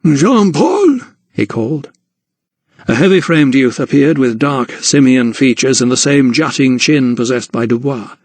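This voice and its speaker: A man narrating a historical mystery audiobook in a measured, even manner. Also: medium pitch, no room sound. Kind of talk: scripted narration.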